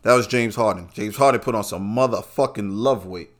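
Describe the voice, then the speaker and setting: A man, a podcast host talking in a brash, rambling, profane monologue that swings from quiet asides to loud outbursts. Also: on the low side, brisk. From Brooklyn, New York. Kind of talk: profane casual commentary monologue.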